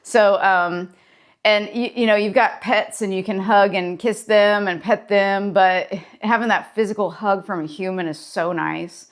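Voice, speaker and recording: A woman's voice: medium pitch, steady tone, unhurried. A woman therapist talking in a casual daily vlog, chatty and encouraging as she tells a story, wearing a personal mic.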